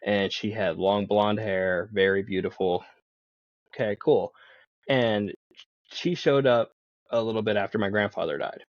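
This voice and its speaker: Podcast guest, a man with a lowish voice; loose, chatty storyteller, slightly muffled dry sound. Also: a little slow, dry recording. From Pennsylvania. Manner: rambling, laughs often, swears casually. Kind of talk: casual storytelling.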